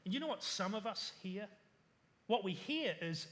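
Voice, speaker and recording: A man preaches with a high, bright, ringing voice, earnestly stacking lists and asking his listeners rhetorical questions. His words trail into a long reverb, as in a church hall. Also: sing-song, moderate pace. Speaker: pastor. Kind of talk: sermon.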